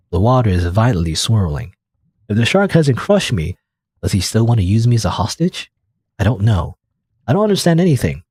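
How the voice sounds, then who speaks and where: A man's voice: fairly low pitch, warm tone, breathy edge, dry recording. A man casually reading a visual novel aloud and chatting about it, rambling with lots of "like" and "you know". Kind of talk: casual let's-play commentary and narration.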